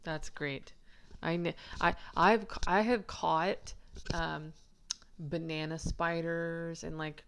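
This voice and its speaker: A woman with a low, gravelly voice talks slowly through a casual lesson on a manuscript. She is chatty and giggly and rambles with restarts. She stops to answer viewer comments. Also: steady tone. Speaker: manuscript researcher presenting her findings.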